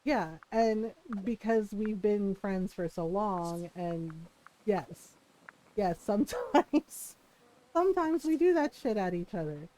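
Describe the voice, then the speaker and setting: A woman's voice: medium pitch, lively intonation, slow pace, dark tone, a little hiss or hum, low-quality recording. A middle-aged woman streamer in casual chat, telling a story with frequent laughter. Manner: chatty storytelling, laughs often.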